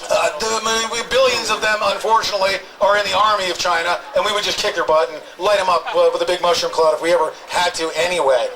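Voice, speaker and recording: A man's voice: sits high, steady tone, fast talker, few pauses, poor audio. A man hosting an open-mic address at an outdoor protest, emphatic and rambling, often adding "okay?". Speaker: talk show host interviewing protesters. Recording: loud crowd outdoors.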